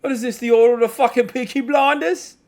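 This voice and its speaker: A streamer voicing a brash, foul-mouthed young British lad in a mock British accent, swearing constantly. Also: male voice, very high-pitched, steady tone, fast, pitched above the performer's own voice. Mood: outraged. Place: hotel room.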